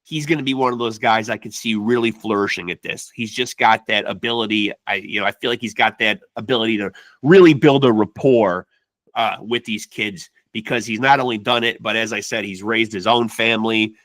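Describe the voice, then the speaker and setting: Bright-voiced casual podcast host man. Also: fairly low pitch, steady tone, brisk, no echo. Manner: loose, profane, drops "man" constantly.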